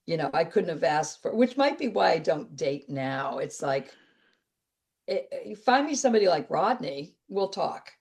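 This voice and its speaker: A middle-aged woman comedian telling stories as an interview guest, lively and wisecracking, laughing easily as she talks. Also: sits low, moderate pace. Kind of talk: casual storytelling interview.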